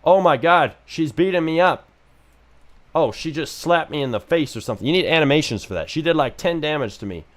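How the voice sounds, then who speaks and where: A man's voice: on the high side, animated, brisk. A man giving blunt, joking critique while live-streaming game reviews. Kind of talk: casual live-stream commentary.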